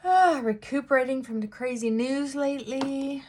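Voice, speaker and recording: A woman's voice: high-pitched, moderate pace, darkish tone, slight background noise. A middle-aged woman chatting casually to viewers while she does her makeup at home. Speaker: beauty vlogger. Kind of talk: casual get-ready-with-me chat.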